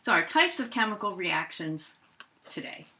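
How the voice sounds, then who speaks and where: A middle-aged woman teaching a high school chemistry lesson, playfully acting out reactions with toy bears. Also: moderate pace. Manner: animated, acts out toy bears in squeaky voices. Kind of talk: playful classroom lesson with toys.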